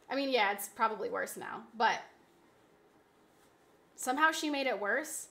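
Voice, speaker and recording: A woman's voice: fairly high pitch, lively intonation, moderate pace, pauses often, pushed and bright. A young adult woman streaming from home, chatting casually and bantering defensively with her chat, swearing freely.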